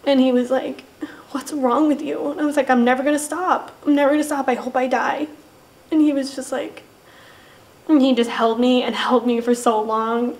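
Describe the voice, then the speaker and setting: A young woman giving a personal testimony in an emotional, halting way, saying "like" again and again. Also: on the high side. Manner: emotional, halting storytelling, says "like" constantly. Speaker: interviewee sharing recovery testimony. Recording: distant mic with faint background noise.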